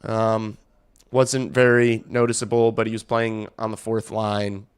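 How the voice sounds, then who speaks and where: A young man with a hoarse voice that still comes through smooth and clear talks loosely to his live chat. He rambles, swears freely and keeps things blunt and casual. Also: fairly low pitch, flat delivery, unhurried. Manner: rambling, blunt and profane, addresses chat directly. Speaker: hockey streamer.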